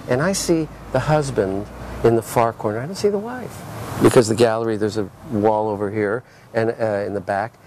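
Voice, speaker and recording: A man's voice: mid-range voice, vocal fry, noisy background. A man who works as an art dealer, chatting casually in a restaurant, often restarting and repeating words as he tells anecdotes. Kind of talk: casual conversation, telling anecdotes.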